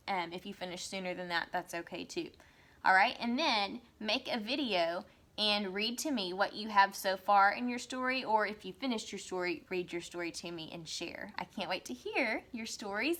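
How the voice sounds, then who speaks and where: Woman, young adult, first grade teacher, recorded lesson, slow sounding out, encouraging. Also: medium pitch, fairly bright tone. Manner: slow, stretched-out sounding of words; encouraging, reassuring. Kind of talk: recorded remote writing lesson for young children.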